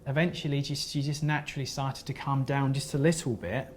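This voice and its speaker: A man giving a seminar talk, telling stories in an earnest, halting way with frequent restarts and gentle apologies. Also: mid-range voice, fairly even intonation, slight background noise. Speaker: seminar speaker.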